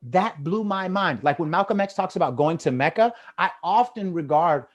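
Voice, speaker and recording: A man with an American accent telling lively stories in casual chat over a video call, acting out the quotes with a rising voice. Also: high-pitched, normal speed, muffled recording. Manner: animated, acts out quotes with rising voice. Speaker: guest storyteller.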